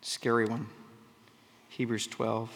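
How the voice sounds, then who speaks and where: A man's voice: mid-range voice, flat delivery, slow, creaky. A man giving a sermon, reading scripture aloud and explaining it in casual, conversational asides. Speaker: preacher. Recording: long hall reverb.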